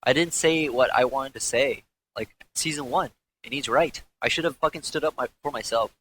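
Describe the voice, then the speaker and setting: Bright-voiced young man telling a story, rambling. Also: medium pitch, moderate pace, slight background noise, rough recording. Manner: rambling, profane, frequent restarts. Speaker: former pro gamer. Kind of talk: candid interview storytelling.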